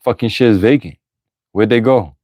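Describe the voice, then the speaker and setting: A man's voice: fairly low pitch, moderate pace, darkish tone, no room sound. A man reading scripture aloud and breaking off into blunt, profane, emphatic commentary, with bursts of laughter. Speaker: Bible teacher.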